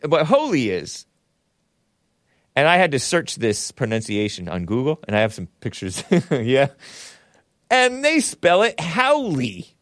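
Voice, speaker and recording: Sardonic rambling man, lively pitch. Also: no room sound, studio quality. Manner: sardonic, rambling, spells words out letter by letter; laughs at his own jokes. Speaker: talk show host. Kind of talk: casual solo commentary reading super chats.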